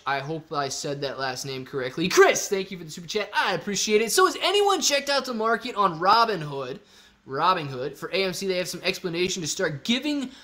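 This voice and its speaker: A man whose voice sits high runs a casual livestream Q&A. He reads comments from viewers out loud, becomes excited, ponders aloud and says things again.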